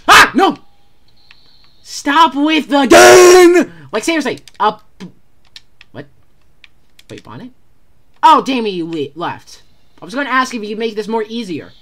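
A gamer playing a horror game talks casually, panicking, stuttering and blurting repeated words in rapid bursts. The voice is a bit bright and medium in pitch, with big pitch swings.

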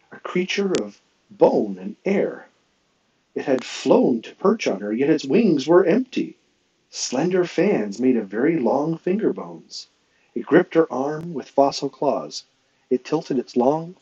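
A man reading a novel aloud in a steady, expressive narrating voice. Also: medium pitch, breathy edge, dry recording, highs cut off. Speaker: audiobook reader.

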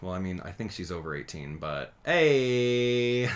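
A man giving casual gameplay commentary as a channel host, chatty and excitable, thinking out loud as he plays. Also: sits low, fast talker, slight background noise.

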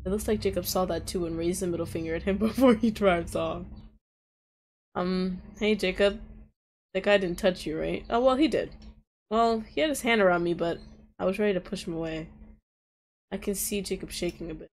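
A woman playing a visual novel, reading its lines aloud and breaking off into loud reactions and laughter. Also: fairly low pitch, normal speed, long pauses. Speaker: gaming streamer.

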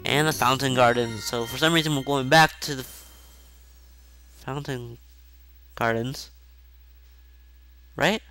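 A man casually commenting on a video game as he plays, chatty and rambling, with self-mocking asides and excited outbursts. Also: mid-range voice, slow, long pauses. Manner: excitable outbursts during play. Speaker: video game let's-play host. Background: faint game music.

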